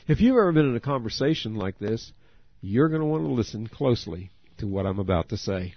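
A man's voice: medium pitch, very animated, fairly quick, no echo. A man preaching a sermon, earnest, asking his listeners direct questions. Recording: dry, dull lo-fi audio.

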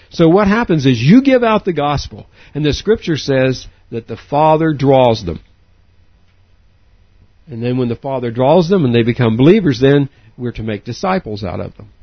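A man preaching a sermon in an animated way, rising in pitch to stress his points. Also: husky, no echo, lo-fi sound. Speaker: pastor.

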